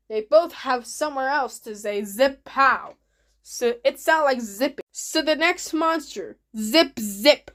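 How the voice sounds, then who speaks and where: A woman with a high voice narrates her own video in a loose, casual way. She sounds eager and keeps her phrasing simple and repetitive. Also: fairly bright tone. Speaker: channel host.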